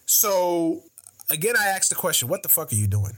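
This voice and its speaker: A man's voice: a little high, big pitch swings, moderate pace, a bit bright. A man co-hosting a casual sports talk show, delivering an incredulous, profane rant. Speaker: podcast co-host.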